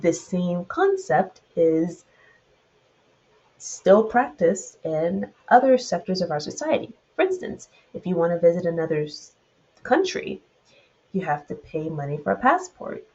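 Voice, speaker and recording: A woman's voice: fairly low pitch, sing-song, a little slow, a little mellow, muffled recording. A woman with a Southern US accent teaching a Bible study, retelling the verses and then adding loose commentary of her own.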